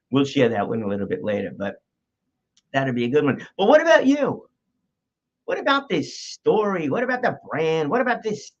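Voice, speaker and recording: A man's voice: on the high side, dull audio. A man hosting his own podcast, talking playfully with mock radio-voice moments and cutting himself off. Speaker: podcast host. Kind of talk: solo podcast talk.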